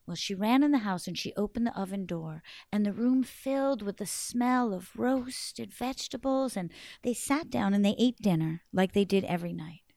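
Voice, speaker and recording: A woman storyteller telling a folktale live to children, in a lively, animated way. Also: medium pitch, normal speed, gravelly, hardly any pauses, no echo, clean studio sound.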